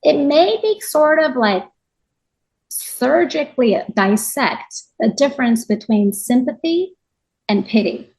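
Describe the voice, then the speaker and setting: Woman interview guest, slightly high pitch, reflective and animated. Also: takes it slowly, gravelly, poor audio. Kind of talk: conversational interview.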